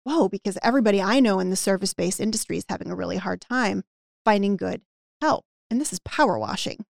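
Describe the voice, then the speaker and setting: Woman with a gravelly, dry voice. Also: mid-range voice, fast, dry recording. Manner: animated anecdote-telling with acted-out quotes and frequent "like". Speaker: podcast guest who teaches business owners about hiring and team culture. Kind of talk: casual podcast storytelling.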